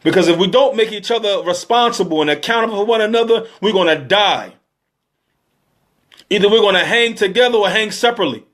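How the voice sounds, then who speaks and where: A man's voice: high-pitched, animated, brisk, a bit bright. A man in his thirties giving an emotional, pleading exhortation, repeating his calls over and over. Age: 30s. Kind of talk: impassioned exhortation.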